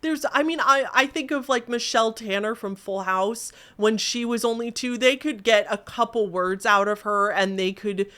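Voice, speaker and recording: A woman's voice: a little high, normal speed, few pauses, sharp tone. A young woman hosting a casual video, chatting animatedly to her viewers and mimicking voices in the lines she quotes. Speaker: YouTube host. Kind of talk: casual commentary on viral videos.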